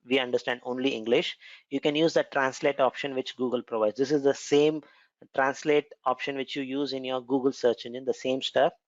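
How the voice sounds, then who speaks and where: A man's voice: medium pitch, steady tone, fairly quick, no room sound, lo-fi sound. A man with an Indian accent teaching a technical lesson, explaining step by step and often correcting himself. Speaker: instructor. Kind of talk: technical lecture with screen demo.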